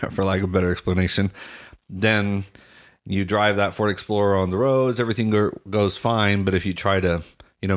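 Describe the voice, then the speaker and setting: A man co-hosting a relationship podcast, talking in a playful, rambling, teasing way. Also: low voice. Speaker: podcast co-host. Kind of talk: casual relationship podcast chat.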